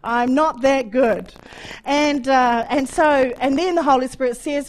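A woman with a high voice delivers a sermon testimony as a lively story. She acts out the dialogue as she goes, with faint noise in the background. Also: unhurried, low-quality recording. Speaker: preacher.

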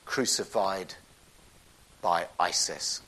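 Man, very low voice, forceful edge, public slide talk, earnest, restarts often. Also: drawn-out words, low-quality recording. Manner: conversational and earnest, with frequent restarts. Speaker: speaker giving a slide presentation.

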